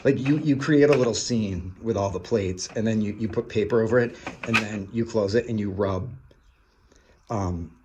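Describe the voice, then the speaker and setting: Gushing low-voiced man exploring. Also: moderate pace, noisy background. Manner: gushing, rambling, swearing, drops to whispers. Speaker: urban explorer and toy collector. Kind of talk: excited exploration vlog. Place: dark abandoned daycare, indoors.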